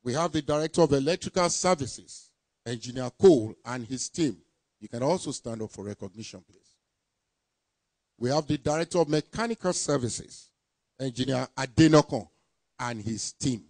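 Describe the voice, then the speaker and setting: A man giving a formal ceremony speech, deliberately reading out names and titles. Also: mid-range voice, expressive, darkish tone, dry recording. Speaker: permanent secretary presenting a project team.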